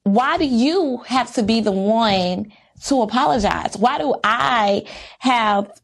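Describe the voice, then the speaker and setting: Slow and gravelly, with a fairly high pitch, a woman delivers a casual vlog monologue to the camera. She comes across as candid, reflective, and faith-centered, speaking emphatically and firing off rhetorical questions.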